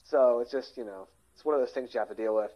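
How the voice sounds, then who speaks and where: A man's voice: mid-range voice, fast talker, highs cut off. A man, co-hosting a casual chat and rambling through his stories with many restarts. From Philadelphia area. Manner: rambling, self-interrupting, trails off quietly. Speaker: podcast co-host.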